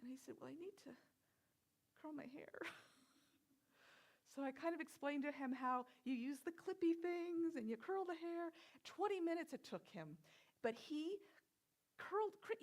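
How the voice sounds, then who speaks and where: A woman minister giving a conversational sermon, telling personal stories with soft whispered asides. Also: very high voice, lively intonation, moderate pace. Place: church sanctuary.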